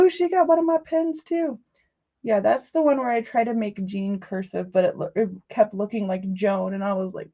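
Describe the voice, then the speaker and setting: A woman's voice: mid-range voice, mellow, highs cut off. A woman hosting a casual crafting livestream from her home in the country, chatty and jokey with her viewers, often breaking into giggles. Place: rural home.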